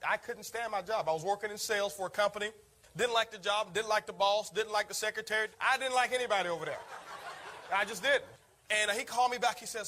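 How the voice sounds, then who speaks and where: Fast, bright-voiced energetic male speaker. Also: high-pitched. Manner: energetic, storytelling, addresses listeners as guys. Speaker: network marketing speaker. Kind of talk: motivational talk to an audience.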